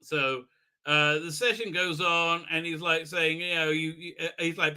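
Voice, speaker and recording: On a live stream, a host with a fairly high, bright voice speaks a little slowly in a steady, forceful, smooth tone. His episode recap rambles and drips with sarcasm, loaded with fillers, as he mocks the characters and imitates them mid-sentence.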